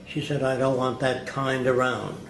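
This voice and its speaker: An older man tells anecdotes at an unhurried, deliberate pace, now and then mimicking how others talked. His voice sits at an ordinary middle pitch. It rings a little in a reverberant room, with a faint hiss of noise underneath. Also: little pitch movement, creaky. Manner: deliberate, slow-paced storyteller who mimics others' words. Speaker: interviewee. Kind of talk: anecdotal storytelling.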